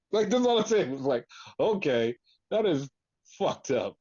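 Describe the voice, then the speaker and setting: A man rattles through a wrestling recap in loose, profane podcast chat, jumping into quick impressions of what the wrestlers said. His voice sits a little high. The sound is dry and slightly muffled, with no room echo. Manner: animated, profane, acts out wrestlers' lines. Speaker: podcast co-host.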